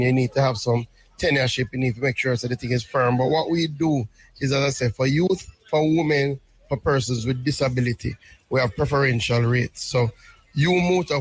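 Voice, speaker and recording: A man, a government minister explaining policy patiently in an interview, often checking in with "right?". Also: medium pitch. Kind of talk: interview answers.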